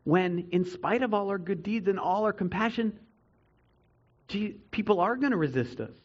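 A man preaching a sermon to a congregation, earnest, swinging between loud emphatic stretches and quiet reflective ones. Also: sits high, animated, normal speed, highs cut off. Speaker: pastor.

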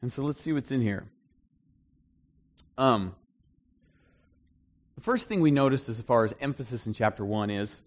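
A middle-aged man, a pastor, preaches to his congregation in a church hall, his voice on the high side and his pace moderate. He teaches conversationally, sometimes becoming emphatic and animated.

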